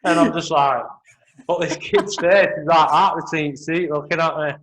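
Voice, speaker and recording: A man's voice: on the high side, measured pace, a bit bright, rough recording. A man co-hosting a podcast, trading blunt, sweary banter in casual chat. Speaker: podcast co-host.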